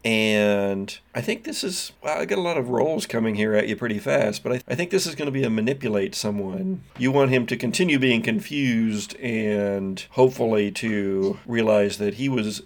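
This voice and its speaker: A man narrating scenes as the game master of a tabletop game, in a steady, descriptive way. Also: fairly low pitch, normal speed, vocal fry, hardly any pauses.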